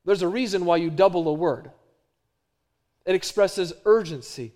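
Man, middle-aged, pastor, sermon, high voice, hushed to emphatic, repetitive phrasing. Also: normal speed.

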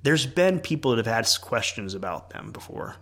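Earnest man, animated church talk. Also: mid-range voice, moderate pace. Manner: earnest, animated, acts out quoted dialogue. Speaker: church leader and parent. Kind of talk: casual podcast conversation.

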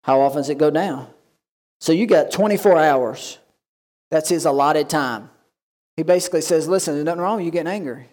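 A man pastor giving a lively sermon, acting out quoted voices and asking the congregation questions. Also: on the high side, a little fast. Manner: animated preaching, acts out quoted voices.

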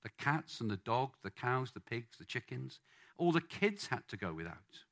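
A man with a medium-pitched voice preaches a sermon at a moderate pace. He's lively and playful, coaxing the congregation to join in.

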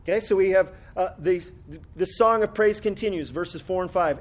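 A man whose voice sits high speaks at a moderate pace as he preaches. His sermon is expository: he reads scripture with rising fervor, then talks through it in a conversational manner with many tag questions.

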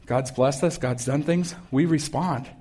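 A man's voice: a little high, unhurried, mellow, husky. A middle-aged male pastor giving a casual sermon in a church, reading scripture and asking the congregation questions. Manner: conversational, asks the congregation questions.

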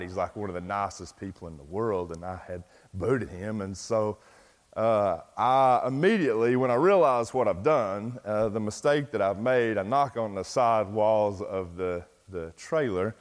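A middle-aged man, a pastor telling a self-deprecating story in a folksy sermon with plenty of fillers. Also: lowish voice. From East Tennessee, US. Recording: long reverb from a large hall.

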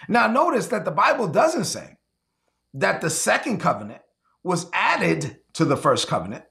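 A man's voice: sits high, big pitch swings, normal speed, gravelly, a bit bright. A man preaching a sermon, earnest and confessional, often repeating and restarting his phrases.

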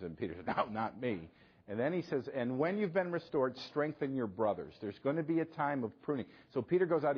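A man preaching a sermon, asking rhetorical questions and swinging between loud emphasis and hushed, quiet lines. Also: mid-range voice, slightly rough, dull audio. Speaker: pastor.

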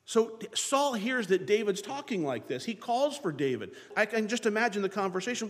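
A man preaching a sermon, lively, acting out the voices of biblical figures to his congregation. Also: high voice, normal speed, few pauses, big-room sound. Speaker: pastor.

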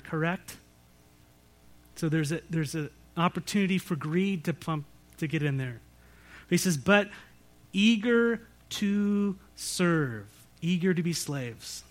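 A man preaching a sermon as pastor, in a conversational way with rhetorical questions and light jokes. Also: high voice. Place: church sanctuary.

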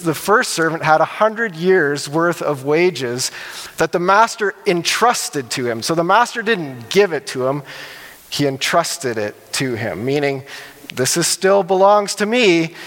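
A man preaches in a relaxed, conversational way, checking in with his listeners as he talks. His voice sits slightly high for a man. A long reverb trails each phrase, as in a large hall. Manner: conversational, asks "right?" often. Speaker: pastor. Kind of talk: sermon.

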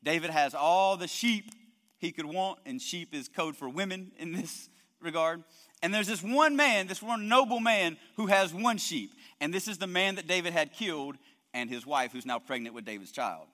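A man's voice: a little high, expressive, moderate pace, bright, forceful tone. A male pastor preaching a sermon with emphasis, often repeating words as he builds his points. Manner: emphatic preaching with frequent word repetitions. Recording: long hall reverb.

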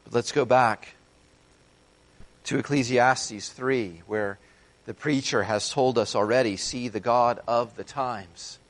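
A man preaching a sermon as pastor, earnest, moving between hushed passages and emphatic ones. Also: medium pitch, slow pace.

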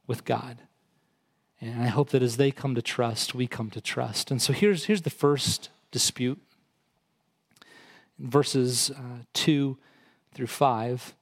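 A male pastor preaching a sermon, explaining scripture conversationally and rising in intensity for emphasis. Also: unhurried. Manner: rises in pitch and intensity when quoting and emphasizing.

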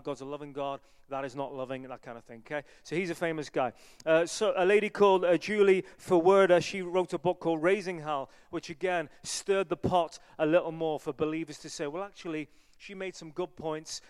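In a church, a male evangelist preaches a sermon in an earnest, conversational way, peppered with fillers. His voice is smooth and fairly high, and a long hall reverb lingers after each phrase.

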